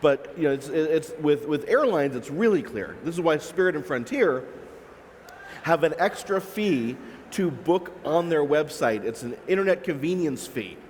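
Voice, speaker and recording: Man, fairly high voice, analytical panelist, halting restarts, echoey hall with faint background hum. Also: expressive, darkish tone. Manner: analytical, many restarts and "right?" asides. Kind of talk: explanatory panel talk. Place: large expo hall.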